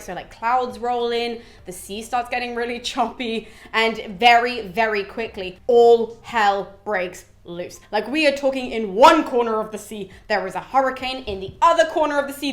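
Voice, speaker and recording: Chatty woman retelling an epic. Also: on the high side. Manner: chatty, animated storytelling with frequent asides. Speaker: literature explainer. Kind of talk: casual retelling of a classic.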